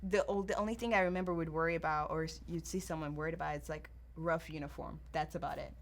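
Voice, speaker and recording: A young woman from Nigeria, now speaking, hosting a casual chat and telling lively stories in which she acts out quoted voices. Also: sits low, quick pace. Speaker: podcast host.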